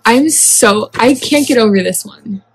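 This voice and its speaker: A young woman with a Southern US accent, talking in a casual home vlog. She gushes and gets excitable, with lots of fillers. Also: a little high, husky, soft background music. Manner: gushing and excitable, fast filler-heavy talk. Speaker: vlogger. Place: home indoors. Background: lawn equipment outside.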